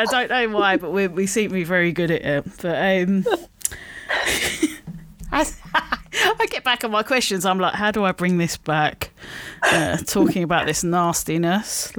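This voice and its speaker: A woman hosting a podcast, chatty and quick to laugh, at times dropping her voice to a hush. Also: mid-range voice. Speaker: podcast host. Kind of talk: casual podcast interview.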